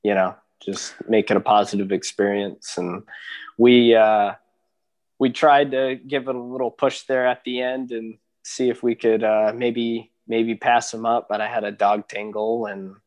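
Relaxed low-voiced man musher. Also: a little slow. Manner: relaxed, rambling with many fillers. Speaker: guest, dog musher. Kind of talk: casual interview chat.

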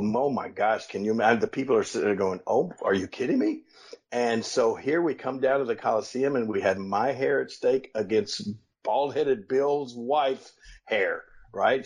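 An older man with a husky, slightly breathy voice and a drawl spins stories in a relaxed podcast chat. He gets animated and acts out the people he quotes, and his pitch sits in an ordinary middle range. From United States. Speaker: podcast co-host, former wrestler. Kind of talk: casual storytelling chat.

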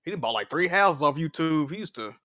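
A man on a casual podcast who talks in relaxed slang while distracted by a video game. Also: fairly high pitch, fairly quick, dry recording, clean studio sound.

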